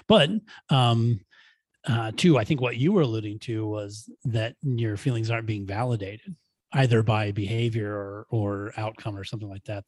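A man co-hosting a podcast as a therapist, talking in a hesitant, soft-spoken way. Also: fairly low pitch, slightly rough, no room sound. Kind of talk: casual conversation.

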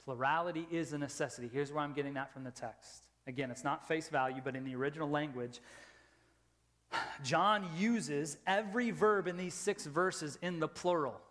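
Middle-aged male pastor, high voice, emphatic sermon delivery with loud and hushed swings, long hall reverb. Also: normal speed. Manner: emphatic, swings from loud rising questions to soft low asides. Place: church sanctuary.

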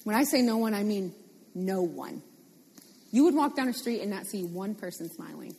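A woman preaching a sermon, animated and playful, repeating phrases for emphasis. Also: mid-range voice, moderate pace, vocal fry, big-room sound, a little hiss or hum.

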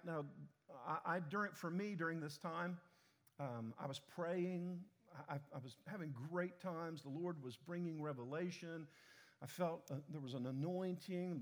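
A middle-aged man preaching a sermon to a church congregation, often repeating words as he restarts, with conversational asides to the people. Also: a little high. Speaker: pastor.

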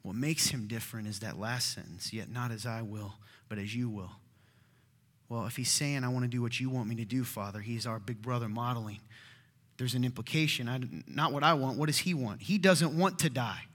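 A man's voice: medium pitch, brisk. Conversational male preacher in a reverberant hall. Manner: conversational and animated, drops to hushed tones. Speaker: pastor. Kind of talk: sermon.

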